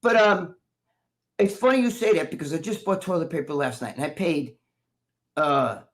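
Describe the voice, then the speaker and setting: A man's voice: on the high side, normal speed. A man with a New Jersey accent, co-hosting a live stream and telling rambling, profane stories in casual chat. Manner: profane, rambling storyteller who acts out other people's voices. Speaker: co-host of a live stream talk show.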